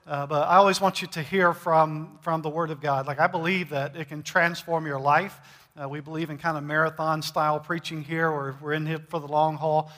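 A middle-aged pastor delivers a relaxed, joking sermon, his high, bright voice carrying through a reverberant church hall. He peppers his preaching with "uh" and "um" as he talks. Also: brisk. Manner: conversational preaching with frequent "uh" fillers and humor. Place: church sanctuary.

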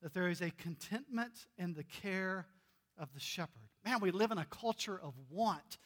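Bright high-voiced male preacher. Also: lively intonation, normal speed. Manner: earnest storytelling preacher, swings from loud to hushed. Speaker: pastor. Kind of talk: sermon.

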